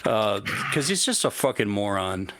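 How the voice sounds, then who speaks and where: A man's voice: lowish voice, big pitch swings, moderate pace, a bit bright, no room sound. A man co-hosting a casual live chat, blunt and sarcastic with frequent swearing. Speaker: co-host.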